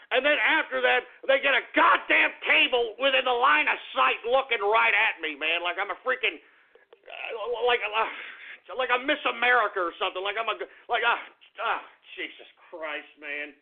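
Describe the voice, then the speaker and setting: A man's voice: extremely high pitch, lively intonation, normal speed, gravelly. A male radio host in an agitated, profane, repetitive rant, venting about an encounter and a lot on his mind. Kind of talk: ranting talk radio monologue. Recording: tinny phone-like radio audio.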